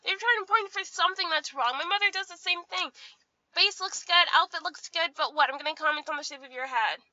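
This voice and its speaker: Young woman vlogger, profane venting rant, sharp bright tone, muffled recording. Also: very high voice, brisk, no room sound. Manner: profane, ranting, frequent "like". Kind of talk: casual venting monologue.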